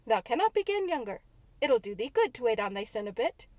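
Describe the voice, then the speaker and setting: A woman's voice: fairly high pitch, very animated, fairly quick, darkish tone, no room sound. A woman voicing a young, chatty, good-natured housemaid with a broad Yorkshire accent. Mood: blunt. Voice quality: broad dialect, homely and frank.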